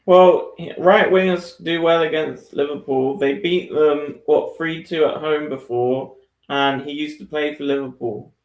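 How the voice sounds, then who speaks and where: Casual podcast co-host, male, gravelly voice, musing delivery, roomy echo. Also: on the high side, fairly even intonation, measured pace. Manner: musing, laughs often, trails off. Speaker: fantasy football podcast co-host. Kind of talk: casual chat. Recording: echoey room.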